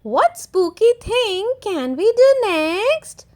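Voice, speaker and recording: A woman voicing an excited, cheeky little girl piglet in a storybook read-aloud. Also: very high-pitched, takes it slowly, voice pushed up, full character voice. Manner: bright, eager, childlike delivery.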